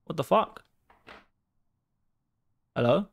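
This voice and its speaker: This gaming YouTuber speaks extremely slowly in an expressive, gravelly voice on the high side. In his horror game let's play, he swears constantly, reacts jumpily, and reads the game's text aloud.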